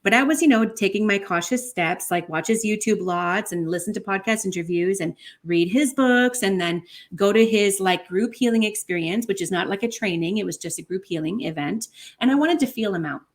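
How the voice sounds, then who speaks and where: Animated woman telling a personal story. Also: mid-range voice, fairly quick. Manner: animated, many fillers like 'like' and 'you know'. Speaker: podcast guest.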